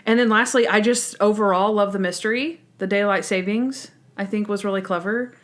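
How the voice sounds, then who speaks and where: A woman co-hosting a podcast in casual chat, telling a TV episode in an animated way and laughing often. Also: mid-range voice, a little fast. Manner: chatty, laughs often, retells scenes animatedly. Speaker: podcast co-host.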